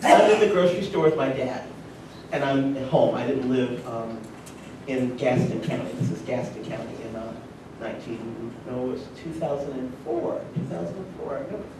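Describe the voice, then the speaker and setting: A man from rural North Carolina, giving a personal storytelling speech at a conference and making animated asides to the audience. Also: moderate pace. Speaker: conference speaker. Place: conference hall. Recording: echoey hall from far off, faint rumble.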